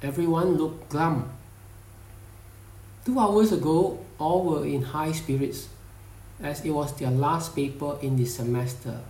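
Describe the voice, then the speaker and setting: Slow, mellow male storyteller. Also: fairly high pitch. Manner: measured, deliberate. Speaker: narrator. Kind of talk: storybook reading. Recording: echoey room, distant mic.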